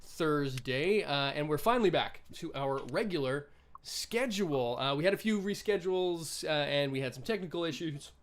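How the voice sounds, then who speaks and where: A man's voice: fairly high pitch, lively intonation, moderate pace. A man hosting a tabletop game livestream, chatty with many fillers, speaking over a video call. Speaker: game master and host. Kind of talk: livestream host announcements.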